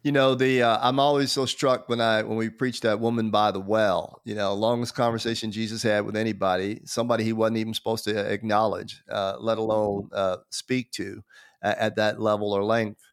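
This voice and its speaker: Halting, reflective male interviewer. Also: fairly low pitch, flat delivery, smooth. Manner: halting, reflective, many restarts and fillers. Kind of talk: conversational interview.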